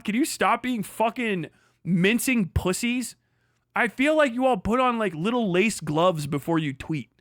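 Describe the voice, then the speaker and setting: A man with a high, bright voice rants on his livestream, swearing freely and laughing at the people he mocks. His tone is scornful and quick, and the sound is dry and close to the mic. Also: no room sound. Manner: profane, mocking, laughing often, puts on prissy voices to mock critics. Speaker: livestream host. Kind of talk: casual ranting livestream commentary.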